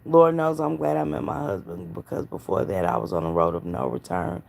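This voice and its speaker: A woman's voice: very deep voice, big pitch swings, fairly quick, gravelly, a little mellow. A woman giving blunt, profane gossip commentary to her live stream chat, preaching and calling out viewers by name.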